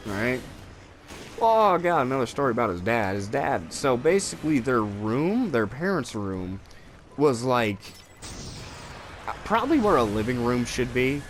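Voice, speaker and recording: Faint music plays behind a young man speaking at medium pitch and a little slowly. He's co-hosting a gaming video, casually telling stories while playing, profane and rambling, with his voice lifted for quoted lines.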